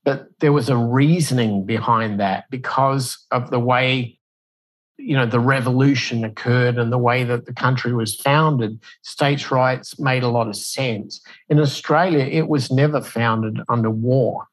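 A man, a guest in a conversation, explaining at length in a loose, animated way, with fillers and restarts, and acting out quotes in a raised voice. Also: medium pitch, measured pace, low-quality recording. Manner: animated storyteller who acts out quotes in a raised voice.

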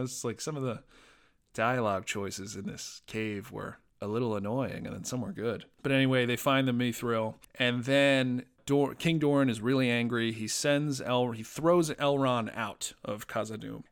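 A man's voice: medium pitch, unhurried, clear, resonant tone. A man talking casually as a podcast host, reviewing a TV episode as an enthusiastic fan, with fillers and restarts.

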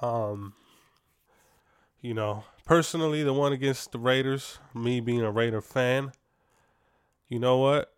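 A man's voice: mid-range voice, a little slow, pauses often, clean tone, dry recording, clean studio sound. A man hosting a sports podcast, giving casual, opinionated takes with lots of fillers and restarts.

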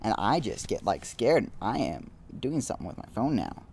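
A young man hosting a casual solo podcast outdoors, rambling and self-deprecating, with frequent halting restarts. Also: on the low side, very animated, vocal fry, a little mellow, a little hiss or hum. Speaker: podcast host.

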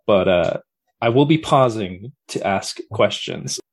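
A man's voice: fairly low pitch, expressive, unhurried, creaky, breathy edge. Playful man hosting a podcast. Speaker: podcast host. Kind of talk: casual chat.

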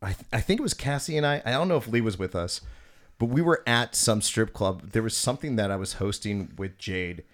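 A man's voice: fairly low pitch, lively intonation, brisk. A man hosting a podcast, telling a profane story in casual chat and acting out quotes in other voices. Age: 20s. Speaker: podcast host.

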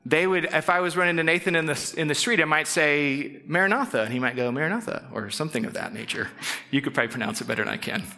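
Middle-aged male pastor with a fairly high, bright voice, preaching in a chatty style and acting out short quoted lines. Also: fairly even intonation, vocal fry. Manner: conversational, acts out quick quoted voices, drops to soft intense tones. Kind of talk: casual sermon.

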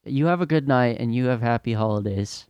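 A man's voice: mid-range voice, brisk, a little mellow, clean tone, dry recording, lo-fi sound, lightly acted. A man voicing a polite, apologetic young college student in a voice close to his own. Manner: mild, apologetic.

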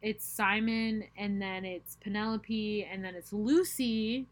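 A young woman co-hosting a book podcast, joking around and cutting in with quick remarks. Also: mid-range voice, fairly even intonation, poor audio. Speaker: podcast co-host. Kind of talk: casual chat.

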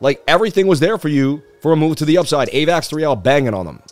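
A man's voice: a little high, expressive, fast, dry recording, faint music behind. A man hosting a crypto chart livestream in a hyped, boastful way, talking straight to viewers, his voice slightly worn. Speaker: crypto market analysis livestream host. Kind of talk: casual livestream chart analysis.

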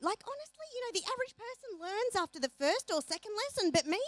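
A woman's voice: extremely high pitch, quick pace, few pauses, no echo, low-quality recording. A woman giving a motivational talk, telling stories and acting out the voices of the people in them. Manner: storytelling, animated, acts out quoted voices. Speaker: speaker.

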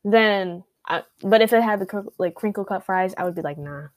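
A woman co-hosting a casual podcast, telling stories in a lively way and saying "like" a lot. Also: medium pitch, brisk, no room sound. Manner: animated storytelling, says "like" a lot. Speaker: podcast co-host. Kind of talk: casual chat.

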